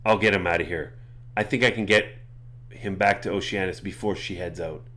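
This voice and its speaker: A steady, protective companion, as a game master plays him in a tabletop game. His voice sits a little lower than the narrator's own. He sounds calm and reassuring throughout. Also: fairly quick.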